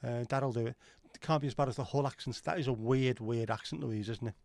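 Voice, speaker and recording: This livestream host is a man with a medium-pitched voice that's creaky and darkish, and he talks fast. He reads viewer comments, rambling, joking, and swearing casually, and there's no echo on the audio.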